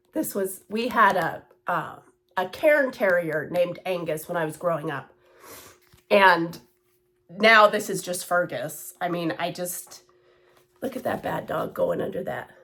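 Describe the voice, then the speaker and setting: A woman's voice: fairly low pitch, lively intonation, a little slow, a bit bright, a little hiss or hum. A woman in her thirties chatting casually in a cross-stitch vlog, rambling with asides and fillers. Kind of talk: casual chat.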